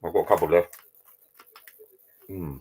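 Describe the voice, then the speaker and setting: A man's voice: deep voice, steady tone, measured pace, dark tone, slight background noise. A man hosting a casual live stream from his garden bar, chatting with viewers, reading their messages and trading cheeky jokes.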